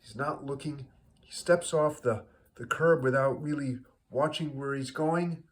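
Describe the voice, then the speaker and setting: A man's voice: medium pitch, a little slow. Easygoing man telling a joke. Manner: easygoing, rambling with fillers. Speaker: joke teller. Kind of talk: told joke, casual storytelling.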